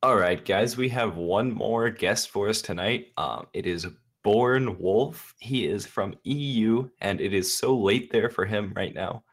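A man's voice: fairly low pitch, a little slow, few pauses. A man co-hosting a podcast in a laid-back, joking casual chat. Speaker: podcast co-host.

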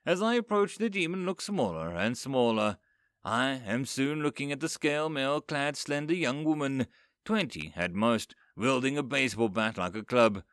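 A man's voice: moderate pace, no echo, clean studio sound. A man narrating a comic first-person fantasy story, voicing its characters as he goes. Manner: lively storyteller, raising pitch for quoted characters.

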